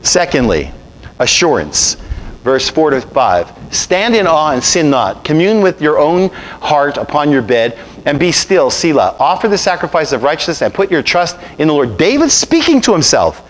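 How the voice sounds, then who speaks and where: A pastor preaching a sermon, calling on the congregation to repeat after him and answer. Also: male voice, on the high side, very animated, normal speed, slight background noise.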